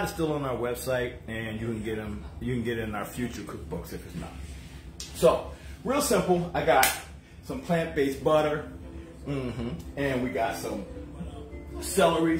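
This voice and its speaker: This man runs a laid-back cooking livestream at home, trading jokes with viewers and going off on long, playful tangents. He has a medium-pitched, expressive voice, heard in an echoey kitchen with music behind it.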